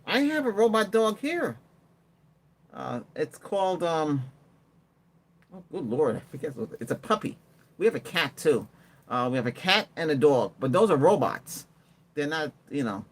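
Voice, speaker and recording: A man's voice: fairly high pitch, big pitch swings, moderate pace, pauses often. A man hosting a tech livestream, chatting casually and rambling while he answers viewer comments and laughs often. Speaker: livestream host.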